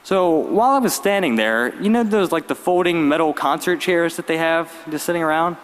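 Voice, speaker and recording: A young man, giving a graduation speech as valedictorian with lively storytelling and wry humor. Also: on the high side, fairly quick. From Virginia, US. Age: late teens. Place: large arena. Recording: long arena reverb.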